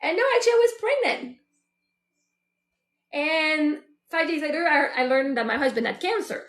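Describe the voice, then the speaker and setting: A woman's voice: sits high, animated, normal speed, a bit bright. A woman in her thirties, hosting a show and speaking candidly in a personal, reflective monologue. She talks in a chatty way, with many fillers, and often quotes her own thoughts aloud. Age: 30s. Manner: candid, chatty, full of fillers and self-quoting. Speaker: show host. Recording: roomy echo.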